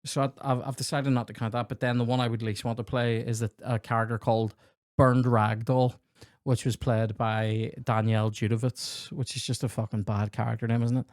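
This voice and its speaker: A man's voice: mid-range voice, level tone, a little fast, darkish tone, no room sound, clean studio sound. A man, a comedy podcast host telling rambling, sweary childhood anecdotes and acting out the dialogue. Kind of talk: casual storytelling chat.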